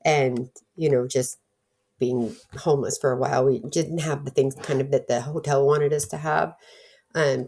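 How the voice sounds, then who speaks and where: A woman's voice: very deep voice, vocal fry, dark tone. A middle-aged woman telling her own recovery story in a candid, casual way. She acts out the people she quotes and talks with many fillers and restarts.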